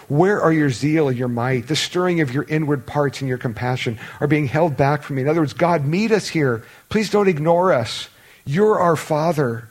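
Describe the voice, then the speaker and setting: A male pastor teaching through scripture in a relaxed, conversational sermon. He speaks in an everyday mid-range voice, pausing for rhetorical questions and little asides. When he reads the pleading verses aloud, he leans into them with feeling. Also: medium pitch, rough recording. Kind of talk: expository sermon, Bible teaching.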